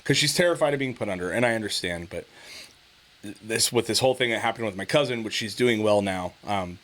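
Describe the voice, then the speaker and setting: A man's voice: fairly low pitch, a little fast, a bit bright. A middle-aged man co-hosting a podcast, chatting casually, swearing freely and breaking into laughter as he tells family stories. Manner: profane, laughs a lot while telling stories. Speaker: podcast co-host. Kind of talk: casual chat.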